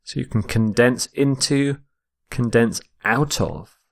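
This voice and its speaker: A man teaching English vocabulary, explaining words slowly and modelling their pronunciation and stress. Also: medium pitch, vocal fry. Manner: slow and deliberate, models pronunciation. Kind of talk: vocabulary lesson.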